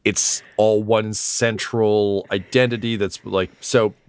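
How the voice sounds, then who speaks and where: A man's voice: fairly low pitch, flat delivery, slow, clear, resonant tone, dry recording. A man running a tabletop game podcast as game master, narrating and joking in a rambling way with many fillers.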